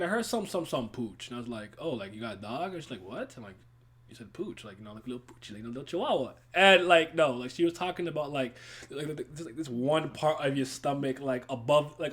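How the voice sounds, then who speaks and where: Man, high pitch, casual podcast host, rambling, laughing. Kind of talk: casual chat.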